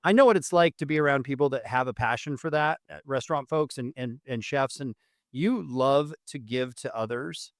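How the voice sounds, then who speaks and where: A man's voice: mid-range voice, normal speed, no echo, clean studio sound. A man co-hosting a podcast, effusive and full of praise, telling stories in casual chat. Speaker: podcast co-host.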